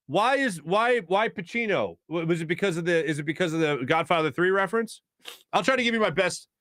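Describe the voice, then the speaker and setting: A man's voice: high-pitched, fairly bright tone, dry recording, studio quality. A man hosting a casual live sports talk stream, joking, humming filler tunes and reading out viewer comments. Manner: chatty, jokey, hums filler tunes and tries celebrity impressions. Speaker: sports talk show host.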